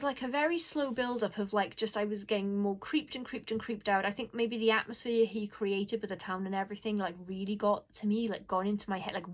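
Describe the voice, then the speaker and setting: A woman casually recommending horror stories in a chatty, gushing vlog, with lots of fillers and restarts. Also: medium pitch. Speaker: horror book reviewer.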